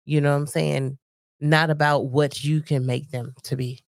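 A woman's voice: deep voice, fairly even intonation, normal speed, vocal fry, no echo, studio quality. A woman co-hosting a casual podcast chat with her husband, talking emphatically and often asking if she is understood. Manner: emphatic, repeats "you know what I'm saying". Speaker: podcast co-host.

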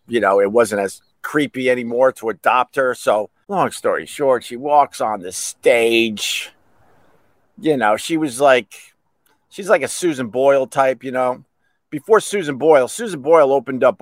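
A man's voice: mid-range voice, no echo. A middle-aged man hosting a podcast, telling stories in a rambling, joking, casual way. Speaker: podcast host. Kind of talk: casual solo chat.

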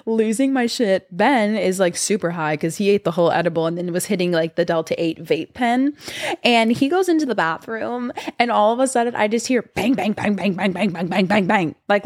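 In a dry, clean studio recording, a twenty-something podcast host chats through her stories, leaning heavily on fillers like "like." She speaks in a mid-range voice.

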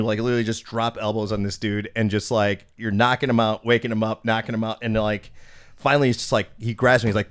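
A man's voice: mid-range voice, fast talker. A young man hosting a podcast, casually telling a long story with lots of swearing and acted-out quotes. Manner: profane, animated storyteller acting out quotes. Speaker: podcast host.

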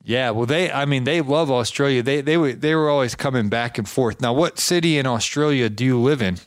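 A man's voice: mid-range voice, fairly quick, no room sound. A chatty male podcast host with a drawl, talking casually and laughing at himself. His voice sits mid-range and sounds close and dry, with no room around it. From Georgia, United States. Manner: chatty, self-deprecating, frequent restarts. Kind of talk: casual interview chat.

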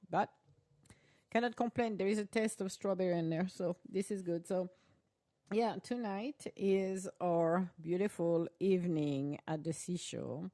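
A woman's voice: on the low side, measured pace, warm tone. A woman, chatting casually on her podcast while eating ice cream, rambling and laughing often. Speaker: podcast host.

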